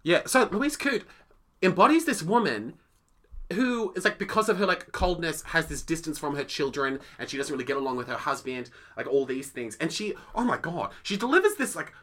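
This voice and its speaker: Podcast co-host: young man, bright and gushing, filler-heavy, swoops in pitch a lot. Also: sing-song, fairly quick. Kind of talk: casual chat, theatre review.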